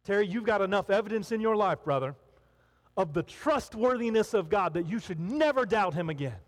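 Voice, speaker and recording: A man's voice: high voice, animated, fairly quick. A man preaching a sermon to a congregation in a hall, talking animatedly and acting out the voices of people in the story. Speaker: pastor. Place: hall with an audience.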